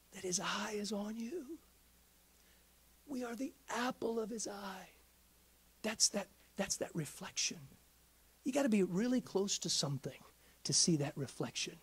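A man preaching a midweek sermon in a church, swinging from hushed whispers up to shouts. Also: high voice, breathy edge. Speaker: pastor.

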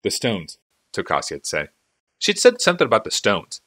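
A man's voice: lowish voice, wildly swooping pitch, a little fast, sharp tone. A man reading a fantasy novel aloud as a fan audiobook, telling the story expressively. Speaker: audiobook narrator.

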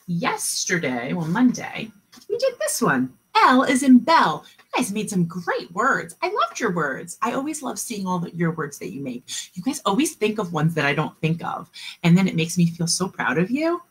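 A woman teaching an online kindergarten class, modeling letter sounds slowly and cheering the children on. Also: medium pitch, huge pitch swings, a bit bright, slightly rough. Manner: slow, encouraging, drawn-out sound modeling. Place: home, video meeting.

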